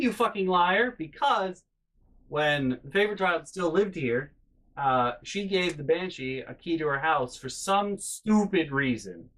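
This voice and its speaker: A young man telling family stories in a casual vlog, animated and profane, with frequent exasperation. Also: a little high, rough recording. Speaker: vlogger.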